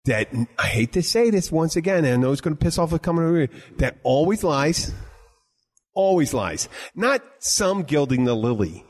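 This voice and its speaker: A man hosting a casual podcast, telling stories in a rambling, animated way with lots of restarts. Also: a little high, husky. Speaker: podcast host and bartender.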